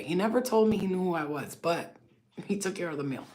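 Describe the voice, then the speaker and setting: A woman telling a story on a casual livestream, talking loudly and animatedly, swearing and laughing often. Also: on the low side, fast talker. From New York. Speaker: channel host.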